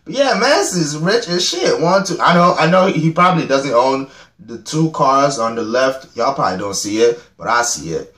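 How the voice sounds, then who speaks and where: A man's voice: medium pitch, very animated, normal speed, fairly bright tone, roomy sound. A young man reacting to a music video, chatting in a rambling, self-mocking way and laughing at himself often. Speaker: reaction vlogger. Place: home room.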